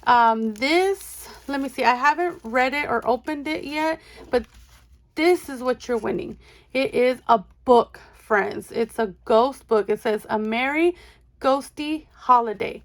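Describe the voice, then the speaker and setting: A young woman with a high voice talks in an unhurried, drawn-out way. She gushes over each item she unboxes and keeps calling her viewers "friends". It is a casual, excitable vlog chat. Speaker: budgeting channel host.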